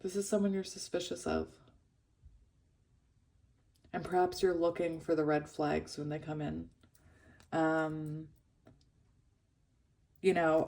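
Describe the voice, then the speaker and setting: A woman giving a pick-a-card tarot reading, emotional and hesitant, shaky and close to tears, with many pauses and ums. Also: low-pitched, warm tone. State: shaky and tearful. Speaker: tarot reader.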